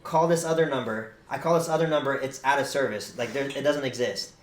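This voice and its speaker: A young man streamer telling a story in casual chat, animated and swearing a lot. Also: mid-range voice, a little fast. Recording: roomy echo, faint noise.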